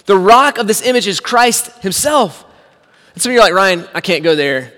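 A man preaching a sermon, telling the story with animated swings from hushed to shouting. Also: sits high, normal speed, long reverb tail. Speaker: pastor.

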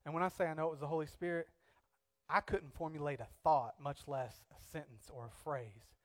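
A young man preaching, telling a personal story with animated bursts and quiet, reflective stretches. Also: fairly high pitch, a little fast, no echo.

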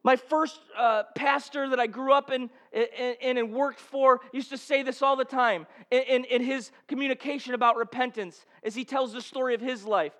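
A man preaching with a very high-pitched voice and fervent delivery. He swings from ringing, emphatic calls to hushed, intimate storytelling. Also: fairly even intonation, moderate pace, hardly any pauses. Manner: impassioned, building to shouts then dropping to hushed storytelling. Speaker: pastor. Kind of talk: sermon.

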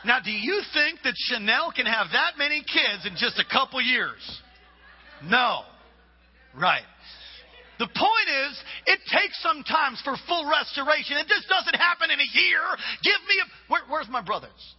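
A man preaching a sermon, reading scripture and building to loud shouted points. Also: extremely high pitch, very animated, measured pace. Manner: preaching with rising shouts and acted-out quotes. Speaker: pastor. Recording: echoey hall, dull lo-fi sound.

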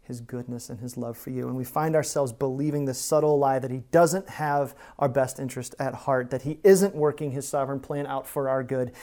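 Man, pastor, sermon, emphatic, conversational, medium pitch. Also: fairly quick, few pauses, dark tone. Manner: conversational, emphatic, casual asides.

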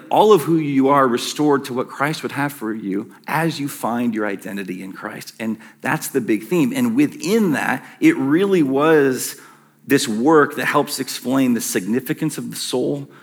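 A middle-aged man preaching a casual, self-deprecating sermon to his church, with plenty of fillers and asides. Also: medium pitch. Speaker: pastor. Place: church sanctuary.

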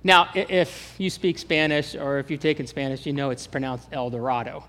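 A man from Kansas with a Kansas accent preaching a sermon as pastor, animated and asking the congregation questions. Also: a little high, normal speed, big-room sound.

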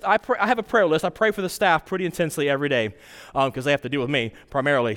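A man preaching a sermon as pastor, in a conversational, animated style with casual asides. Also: high-pitched. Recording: long hall reverb.

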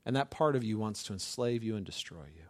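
A middle-aged male pastor preaching a sermon with passion, building to near-shouts and often restarting his sentences. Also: on the low side, expressive, fast, dry recording.

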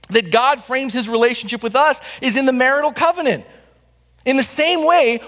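A pastor with a very high-pitched, slightly bright voice preaches a sermon in his church sanctuary, hammering points home with rhetorical questions and repetition. The long reverb of a hall fills the recording.

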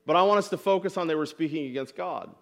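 A male pastor delivers a sermon in a fairly high voice. He speaks earnestly and often repeats words as he builds toward each point. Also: fast talker, creaky. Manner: acts out the people's complaints in quoted voices.

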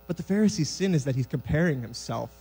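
A man preaching a sermon in a church sanctuary, conversational and lively, acting out scenes from scripture. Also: fairly high pitch, fast talker, gravelly, husky, low-quality recording.

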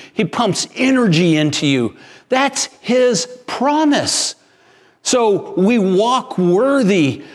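Slow-preaching man, high voice. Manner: earnest, emphatic preaching with frequent restarts. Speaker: pastor. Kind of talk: sermon.

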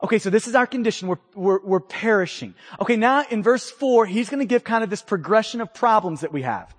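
High-voiced preacher man in a reverberant hall. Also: expressive, fairly quick. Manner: earnest teaching, acts out quoted voices. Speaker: pastor. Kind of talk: sermon.

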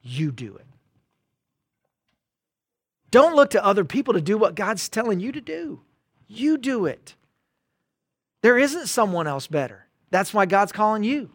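High-voiced man preaching with dynamic swings. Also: big pitch swings, unhurried, long pauses, dry recording, studio quality. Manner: conversational preaching, swings from loud emphasis to soft asides. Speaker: pastor. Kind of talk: sermon.

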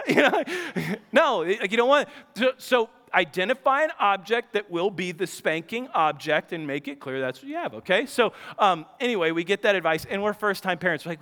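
A pastor in his thirties preaches a story-driven sermon at a brisk clip, animated and laughing often. His voice leaps high whenever he gets excited, and the recording carries a long hall reverb.

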